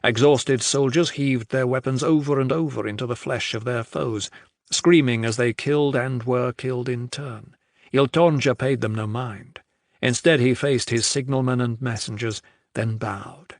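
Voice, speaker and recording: A man narrating a fantasy audiobook in a measured, even storytelling voice. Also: medium pitch, dry recording, clean studio sound. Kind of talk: scripted narration.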